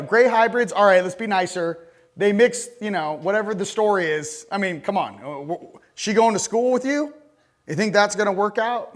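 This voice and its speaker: Man, high-pitched, conference talk, animated, crude jokes. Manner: animated, joking, blunt and crude. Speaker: conference speaker. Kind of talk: live talk to an audience.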